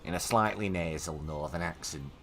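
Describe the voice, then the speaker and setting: Deep-voiced Manchester streamer. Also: male voice, moderate pace, a bit bright, soft background music. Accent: Mancunian. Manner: blunt, sweary, chatty. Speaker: game streamer. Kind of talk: casual gameplay commentary.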